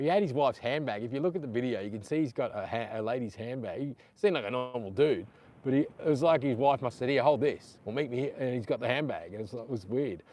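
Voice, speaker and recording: A man's voice: mid-range voice, dark tone. A middle-aged Australian man chatting casually on a live stream, reading out viewer comments, with a lapel mic clipped to his chest. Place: outdoors on a beach.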